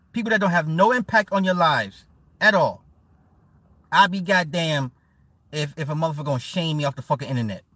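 Blunt, profane streamer with a bright voice. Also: male voice, on the high side. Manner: profane, blunt banter with frequent laughs; repeats words for emphasis. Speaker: livestreamer reading chat. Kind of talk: casual live stream chat.

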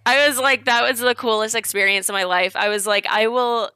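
A woman guest telling an excited, chatty story about cosplay, with many fillers along the way. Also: medium pitch, a little fast, clean tone, dry recording, low-quality recording. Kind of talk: animated storytelling in casual chat.

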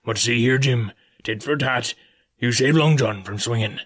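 A man voicing a cunning old male pirate cook, speaking in a slow, low, confiding drawl. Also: fairly bright tone, breathy edge. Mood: scheming.

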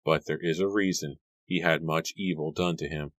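A man voicing a troubled young farmhand from colonial times, speaking low, quiet and trembling. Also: fairly even intonation, moderate pace, no room sound, studio quality.

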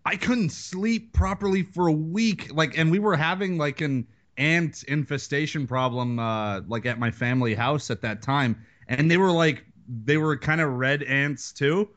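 A man's voice: a little high, unhurried, fairly bright tone, dull audio. A man in a casual chat, telling a nostalgic story with animation.

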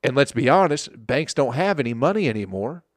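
A man's voice: mid-range voice, very animated, a little fast, no echo. A man doing a rambling, profane, sarcastic comedy monologue as host.

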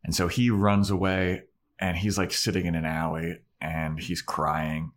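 A man's voice: sits low, a little slow. A man co-hosting a podcast, casually retelling a TV episode and doing voices. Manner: relaxed storytelling with voiced asides. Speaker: podcast co-host.

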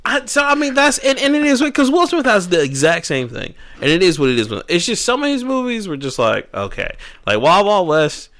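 Animated, lively-voiced man. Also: high voice. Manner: animated, profane, quick to laugh. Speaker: podcast co-host. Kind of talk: casual chat.

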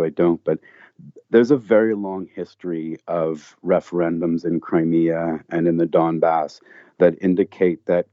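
A man with a fairly low voice talks through his argument earnestly and emphatically, circling back and restarting phrases as he goes. The sound is dry with no room, and slightly muffled. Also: dry recording. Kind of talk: conversational political discussion.

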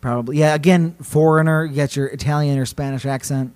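A man's voice: a little high, fairly even intonation, brisk, darkish tone. A man hosting a casual podcast chat, telling a spooky story in a playful, rambling way and laughing often. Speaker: podcast host.

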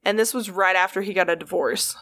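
A woman retelling stories in a loose, chatty way, swearing freely and padding her sentences with fillers. Her voice sits at a middle pitch, and she moves at an ordinary pace. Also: steady tone, a little fast, fairly bright tone. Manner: chatty, profane, heavy on fillers. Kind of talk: casual storytelling.

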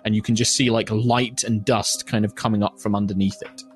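Husky guy narrating a tabletop game, lots of ums and likes. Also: fairly low pitch, fairly even intonation, a little fast, faint music behind. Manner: rambling with many fillers. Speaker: game master.

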